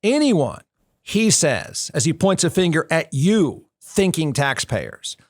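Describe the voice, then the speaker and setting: A man's voice: on the high side, dry recording, studio quality. A male talk show host giving snarky, combative political commentary, hammering his points with repetition. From United States. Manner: snarky, combative, repeats phrases for emphasis.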